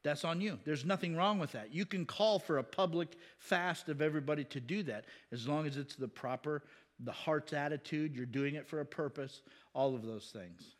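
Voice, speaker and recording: Pastor guy talking scripture, kinda high voice, chatty, keeps asking questions and laughing. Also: normal speed. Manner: conversational, rhetorical questions, chuckles. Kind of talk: casual Bible teaching.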